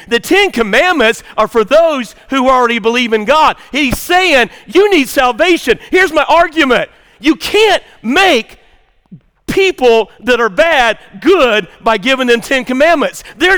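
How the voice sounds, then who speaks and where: A man preaching a sermon to a church congregation, swinging between quiet asides and shouted preaching. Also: very high voice. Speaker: pastor. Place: church sanctuary.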